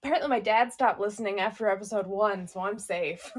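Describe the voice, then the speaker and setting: A woman co-hosting a podcast in casual chat, playful and jokey, quick to laugh. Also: mid-range voice. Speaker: podcast co-host.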